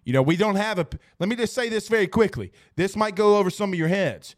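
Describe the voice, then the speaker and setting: A man with a high voice hosts a casual sports podcast. He talks with animation and jokes as he speaks straight to his listeners. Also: animated, quick pace.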